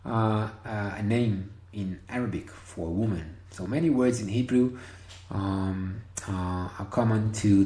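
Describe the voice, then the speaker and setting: A man teaching Hebrew one-on-one over a video call, patient and encouraging, repeating words slowly. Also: lowish voice, warm tone. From Israel. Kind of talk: one-on-one online language lesson. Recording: roomy video call audio.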